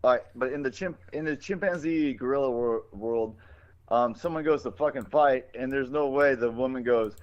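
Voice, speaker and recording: A man's voice: medium pitch, normal speed. A man co-hosting a podcast, rambling loosely from topic to topic and swearing freely. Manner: rambling, profane and animated. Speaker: podcast co-host. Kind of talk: casual podcast chat. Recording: dull lo-fi recording.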